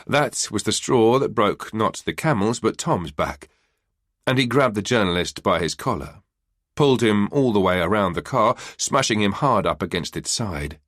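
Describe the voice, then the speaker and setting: A man narrating a crime thriller audiobook in a measured, even way. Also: lowish voice, no echo, clean studio sound. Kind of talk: scripted narration.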